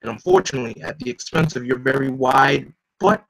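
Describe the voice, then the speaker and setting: A man voicing a cocky young male masked antihero in a comic read aloud, with a slow, taunting delivery. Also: medium pitch, big pitch swings, gravelly, fairly bright tone, exaggerated voice, rough recording.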